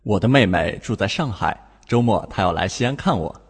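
A man reading an example dialogue for a language lesson, in a brisk, flat delivery. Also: fairly low pitch, over loud music, close to an everyday voice. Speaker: dialogue reader.

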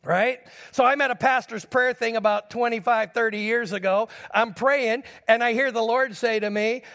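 A middle-aged man with a notably high voice preaches to his congregation, telling stories from his own life. His words ring out with a long reverb in a large church hall. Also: steady tone, normal speed, a bit bright. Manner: storytelling preacher addressing the congregation directly. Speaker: pastor. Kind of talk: sermon.

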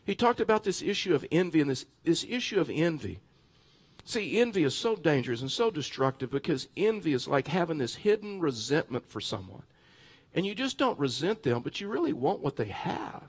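Male pastor, sermon delivery, a touch high-pitched, lively anecdotal preaching with restarts. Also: fairly quick, slightly rough. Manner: animated storytelling with bursts of laughter; repeats words and restarts phrases.

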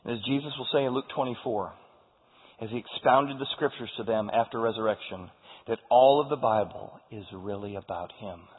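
A man preaching a sermon as pastor, impassioned, dropping to a hush and then rising loud when he reads scripture. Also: mid-range voice, moderate pace, slightly rough. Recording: phone-like audio with long hall reverb.

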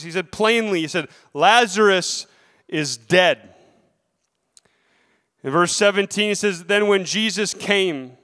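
A man's voice: high-pitched, fairly bright tone, clear, resonant tone, long reverb tail. A man preaching a sermon, reading scripture aloud and then speaking earnestly, repeating key lines.

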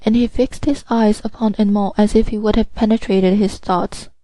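A woman narrates an audiobook in a steady, measured way. Her voice is mellow and warm, recorded dry and close. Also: medium pitch, no room sound, rough recording.

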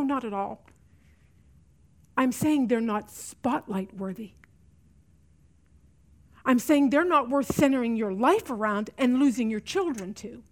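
Middle-aged woman teacher, slightly high voice, earnest, repeats key lines for emphasis. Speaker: women's Bible study teacher. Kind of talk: teaching talk to a women's group.

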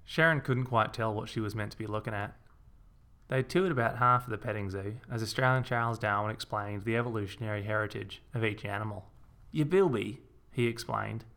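A man narrating a comic story in a dry, deadpan way. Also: fairly low pitch, brisk.

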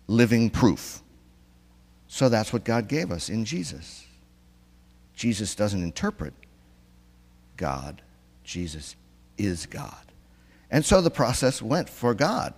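A man preaching a sermon to his congregation, chatty and questioning, with a very lively, wide-ranging pitch. His voice carries a long reverb through the church. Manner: conversational, asks the congregation questions.

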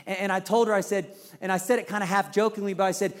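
A man's voice: high voice, fairly even intonation, quick pace, few pauses. A middle-aged man preaching, a pastor who tells a personal story in a conversational way and acts out the quoted lines.

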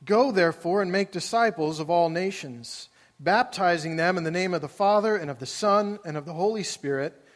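A high-voiced pastor preaches in a conversational way, putting questions to his congregation. A large auditorium gives his voice a long, ringing reverb tail.

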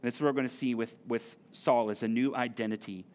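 A man's voice: mid-range voice, steady tone, fast talker. A middle-aged man preaching a sermon in a church, talking conversationally and repeating key phrases for emphasis. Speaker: pastor. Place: church auditorium.

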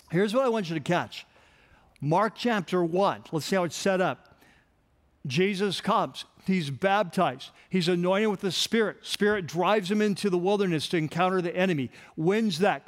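A pastor delivers an earnest sermon, pressing his points with emphasis and pauses. His voice sits high for a man, and the sound trails off into a long hall reverb.

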